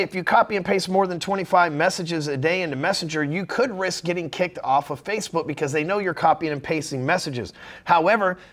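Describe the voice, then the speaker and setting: A middle-aged man coaching on sales in a blunt, profane talk, acting out sample messages in quick voices. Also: high voice, a bit bright.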